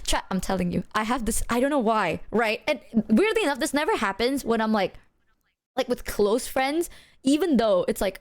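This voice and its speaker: A young woman chats on stream in a slightly high voice, rambling through her stories. She swears freely and keeps breaking into laughter. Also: animated, normal speed. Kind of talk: casual chat.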